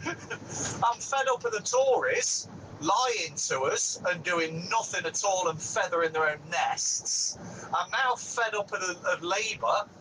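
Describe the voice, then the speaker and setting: A man's voice: high voice, background noise. A man from Nottingham calling into a radio phone-in, exasperated as he lists complaints and stumbles over words. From Nottingham, England. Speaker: caller. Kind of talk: phone-in rant.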